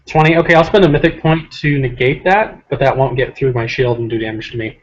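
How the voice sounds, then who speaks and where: A man playing in a tabletop game, speaking quick and matter-of-fact about his moves. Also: medium pitch, fairly even intonation, muffled recording. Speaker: player. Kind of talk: casual chat at a game table.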